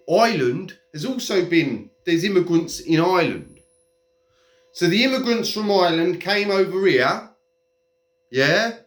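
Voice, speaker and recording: Slow-talking man ranting, echoey room. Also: sits high, a bit bright. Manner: profane, heated, mocking. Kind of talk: ranting monologue.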